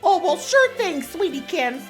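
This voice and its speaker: Shrill prim Minnesotan mom. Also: sing-song, a little slow, faint music behind, full character voice. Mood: sweet. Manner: sing-song, prudish, folksy exclamations. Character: prim Midwestern mom, middle-aged, churchy and fussy. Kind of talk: comedy sketch.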